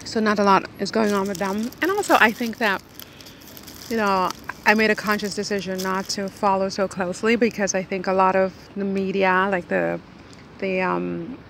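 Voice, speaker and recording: Chatty woman vlogging, gravelly edge. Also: medium pitch, steady tone, moderate pace, fairly bright tone. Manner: chatty, rambling, talks while eating. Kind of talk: casual chat to camera. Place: outdoors in hot weather. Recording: faint background noise.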